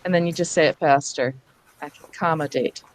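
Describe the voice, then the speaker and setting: A woman's voice: mid-range voice, expressive, unhurried. A woman leading a teacher workshop on reading over a video call, patiently sounding out words syllable by syllable. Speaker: reading instructor.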